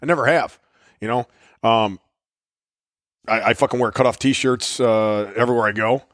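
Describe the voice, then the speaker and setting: A man's voice: mid-range voice, fairly even intonation, moderate pace, fairly bright tone, no room sound. A middle-aged man co-hosting a podcast, talking bluntly and defiantly and swearing freely. His voice sits in an ordinary middle range, and the recording is dry and close. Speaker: podcast co-host. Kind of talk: casual chat.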